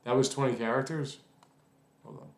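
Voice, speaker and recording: A man's voice: mid-range voice, steady tone, normal speed, a little mellow, roomy sound. A man teaching a casual coding lesson while typing, rambling, apologizing, and cursing at his own mistakes. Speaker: coding tutorial instructor.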